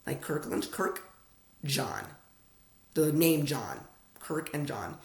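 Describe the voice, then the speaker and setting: Speaking slowly with big swings in pitch, a young American man with a gravelly, higher-pitched voice pauses often as he rambles through a fragrance unboxing vlog. His talk to viewers is casual and self-aware, and the nighttime home recording has a noticeable echo.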